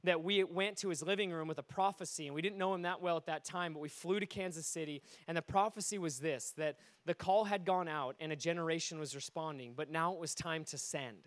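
A man preaching a sermon, telling stories in an animated way that rises to near-shouting at its peaks. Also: on the high side, brisk, hardly any pauses, dry recording. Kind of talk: sermon storytelling.

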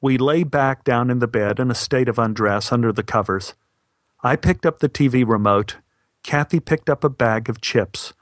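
A middle-aged male actor telling a story in a wry, deadpan way. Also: mid-range voice, moderate pace, no echo. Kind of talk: storytelling monologue.

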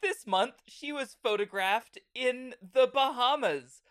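A woman's voice: fairly high pitch, slow, pitched above the performer's own voice. A woman voicing a snide female tabloid gossip writer in a mocking, sing-song way.

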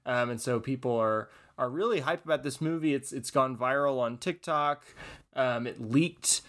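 A man co-hosts a film podcast and walks through a trailer in a relaxed, meandering way, full of ums. His voice sits at an ordinary middle pitch. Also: moderate pace. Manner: rambling, many ums, descriptive. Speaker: podcast co-host. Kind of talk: casual chat.

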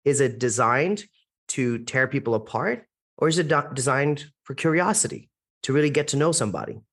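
A man with an American-sounding accent, a guest on a podcast interview. He speaks with punchy emphasis and keeps firing rhetorical questions. His voice sits at a middle pitch. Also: very animated, moderate pace, a bit bright. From India, raised internationally. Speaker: guest, public speaking coach.

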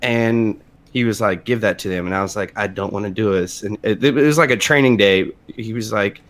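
A man telling crude fast-food work stories in a casual chat with friends, swearing often and acting out what others said. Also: on the low side, a bit bright. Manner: laughing, profane, acts out quoted voices.

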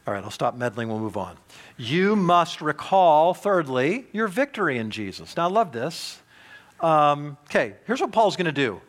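A man preaching a sermon as pastor, emphatic, swinging between loud urgent points and hushed low ones. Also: big pitch swings, normal speed. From United States.

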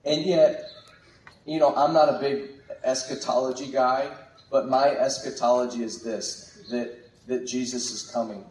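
A man preaching a sermon with exuberant, animated delivery. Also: mid-range voice, unhurried, slight background noise. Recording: echoey room from far off.

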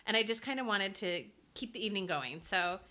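Bright-voiced woman telling a story. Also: medium pitch, brisk. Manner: animated storyteller, laughs through lines. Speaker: podcast co-host telling a story. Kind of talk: casual chat.

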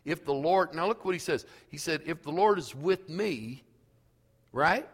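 A male pastor preaching a sermon slowly and emphatically, reading scripture aloud in a church. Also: a little high, expressive, fairly bright tone, in a large hall.

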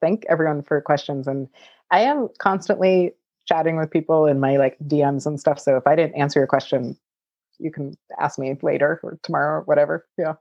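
A woman's voice: low voice, fairly even intonation, a little fast, mellow, no echo, highs cut off. A woman cookbook author answering audience questions in casual chat, laughing often and saying "like" a lot. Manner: chatty, laughs often, many "like" fillers.

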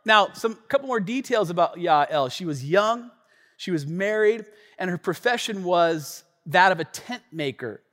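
A man preaching a sermon, telling a story in an animated, conversational way with frequent asides to the listeners. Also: high-pitched, a little slow. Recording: long reverb of a large hall.

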